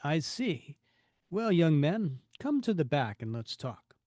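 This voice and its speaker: A man's voice: a little high, very animated, takes it slowly, warm tone, no echo, clean studio sound. A man voicing a formal, fatherly, middle-aged male store manager in a comic book reading.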